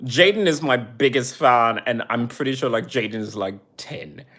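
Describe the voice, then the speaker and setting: A man's voice: medium pitch, normal speed, a bit bright. Profane ranting man on a livestream. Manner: sarcastic when reading chat. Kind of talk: angry livestream rant.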